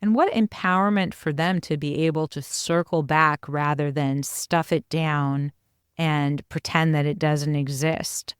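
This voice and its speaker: A woman's voice: sits low, fairly even intonation, measured pace, clean tone, no room sound, studio quality. A woman co-hosting a parenting podcast, speaking in an earnest, encouraging and casual way. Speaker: podcast co-host, parenting coach. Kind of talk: casual conversational explanation.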